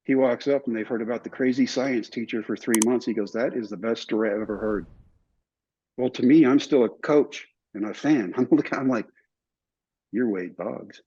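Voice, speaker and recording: An older man telling stories in an interview, animated and acting out other people's lines. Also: medium pitch, brisk, slightly rough. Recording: somewhat dull, muffled recording.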